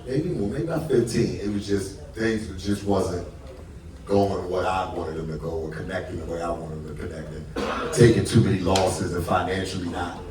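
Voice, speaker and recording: A comedian telling stories in casual stage chat, animated and laughing often. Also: male voice, deep voice. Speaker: comedian on a live stage talk. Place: theater with live audience. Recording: roomy theater sound from a distant mic, audience.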